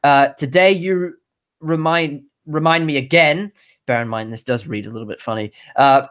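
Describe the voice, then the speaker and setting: A woman's voice: low-pitched, moderate pace. A woman co-hosting a casual motorsport news podcast, bubbly and rambling, often restarting her sentences. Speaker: podcast co-host presenting news.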